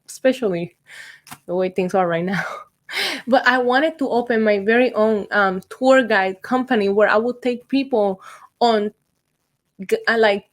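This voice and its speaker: A young woman from Puerto Rico hosting her own vlog, chatting and telling a spooky story in an excitable way, with ums and asides. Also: fairly high pitch. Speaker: YouTube host.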